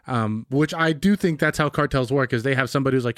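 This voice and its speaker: A man's voice: medium pitch, quick pace, dry recording, clean studio sound. A man co-hosting a casual movie talk, joking and swearing as he retells scenes. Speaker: podcast co-host.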